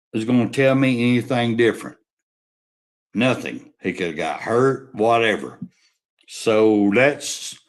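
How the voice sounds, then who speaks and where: Man, sports vlogger, slow delivery, lively swooping pitch, blunt and profane. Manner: animated, blunt, swears, rambling rant. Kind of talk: casual opinion rant.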